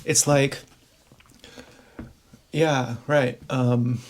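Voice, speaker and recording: A man's voice: medium pitch, steady tone, very slow, a little hiss or hum. A man vlogging in a frank, rambling monologue to camera, swearing freely and laughing often.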